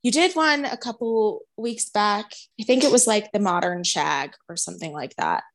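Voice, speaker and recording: A woman's voice: medium pitch, moderate pace, fairly bright tone. Chatty upbeat woman interviewer. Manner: chatty, upbeat, uses "like" often. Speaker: interviewer, hairstylist. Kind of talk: casual interview chat.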